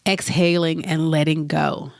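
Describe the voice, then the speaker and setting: A woman's voice: low-pitched, level tone, measured pace, vocal fry, slight background noise. A woman hosting a solo podcast, talking in an earnest, reflective, conversational way, a little congested. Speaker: podcast host.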